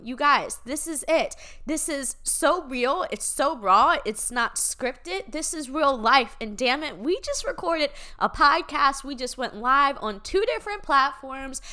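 A woman's voice: high voice, sharp tone. A woman hosting her podcast as an unscripted motivational live chat, emphatic, swearing freely and tagging her points with "right?". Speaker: podcast host.

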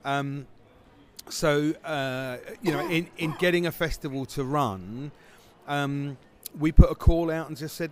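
A man's voice: fairly high pitch, unhurried, a little mellow, slight background noise. A man who founded a film festival, answering interview questions casually with many fillers and restarts.

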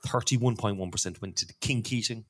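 A man's voice: lowish voice, fairly quick, fairly bright tone. A man hosting a casual football podcast, joking and laughing often. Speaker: podcast host. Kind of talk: casual chat.

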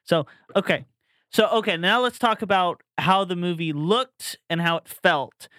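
Young male co-host, bright edge, excitable banter. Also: high voice, measured pace, no echo, clean studio sound. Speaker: podcast co-host. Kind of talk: casual movie-review chat.

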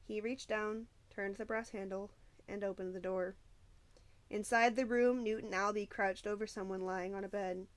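A woman narrating a novel aloud with steady storytelling and occasional small slips. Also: mid-range voice, moderate pace, no echo. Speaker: audiobook narrator.

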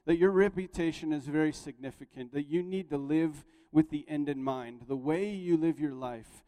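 A man's voice: a little high, normal speed, warm tone. Man preaching a sermon in a reverberant hall. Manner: conversational storytelling with rising emphasis. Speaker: pastor. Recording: long reverb of a large hall.

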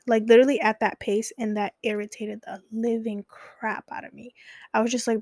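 A young woman tells her own story in a candid, chatty way, with plenty of filler words. Her voice sits a little high. The sound is dry and close, with no room echo. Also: steady tone, moderate pace, a little mellow. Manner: candid, conversational, many fillers. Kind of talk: personal storytelling.

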